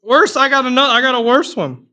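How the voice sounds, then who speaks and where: A man's voice: very high voice, animated, quick pace, bright, forceful tone. A man joking and teasing in casual podcast chat.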